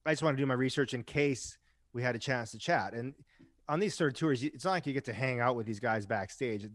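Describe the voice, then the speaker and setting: In clean studio sound with no room noise, a man with a mid-range voice guests on a podcast. He's a rock musician and a chatty storyteller, regularly tagging lines with "right?" and letting the odd swear word slip.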